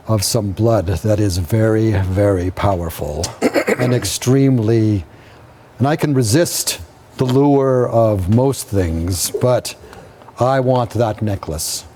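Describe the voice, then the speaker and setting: A man voicing a greedy, threatening male vampire count in a tabletop game, speaking slowly and low. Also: animated, mellow, slight background noise. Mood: covetous.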